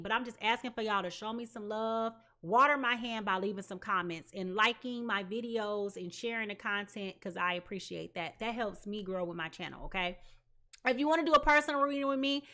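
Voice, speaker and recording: A woman giving a live tarot reading, chatty and slangy, talking straight to her viewers and swinging between loud and soft. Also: fairly high pitch. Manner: chatty and slangy, addresses viewers as y'all and child. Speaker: tarot reader.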